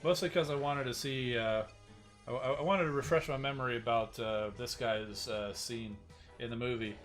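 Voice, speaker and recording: A male streamer talking loosely to his viewers in a mid-range voice, wandering off on tangents and restarting his sentences. Quiet music sits faintly underneath. He sounds relaxed and unscripted. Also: medium pitch, moderate pace. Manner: rambling, with many restarts and asides to chat. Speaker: game streamer and host. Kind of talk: casual live-stream chat.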